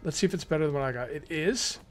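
A young adult man giving casual let's-play commentary as a gaming YouTuber, chatty and excitable, full of rambling asides. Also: fairly high pitch, fast talker, faint music behind.

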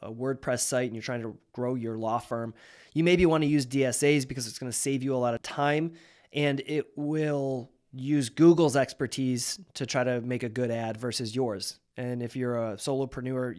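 A man who founded a marketing agency, hosting a conversational explainer, sounding nasal and a little raspy after being sick. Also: mid-range voice, normal speed. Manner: energetic, conversational, with fillers. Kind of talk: direct-to-camera explainer.

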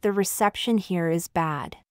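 A woman reading English practice phrases slowly and clearly for learners, saying each one twice. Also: lowish voice, no room sound, clean studio sound.

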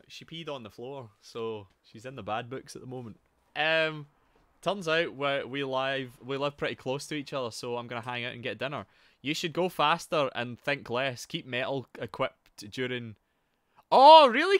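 A young man streaming a video game live, excitable, swearing often and chatting straight to his viewers. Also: medium pitch, no room sound. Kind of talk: live gameplay commentary with chat.

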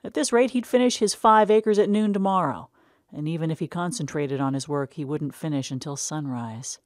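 A woman with a low voice narrates a short story at a measured, unhurried pace. The sound is dry and close, like a studio booth, with no room sound.

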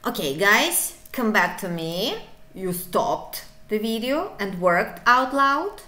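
A woman's voice: mid-range voice, animated, takes it slowly, sharp tone, echoey room. A woman teaching a beginner English lesson, encouraging and playful, breaking into little asides. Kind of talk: online language lesson.

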